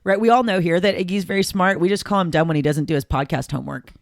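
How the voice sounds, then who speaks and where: High-voiced guy on a podcast, teasing his co-host, laughs a lot, dry close mic. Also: vocal fry, no echo. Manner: wry, amused, quick to laugh. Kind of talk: casual podcast banter.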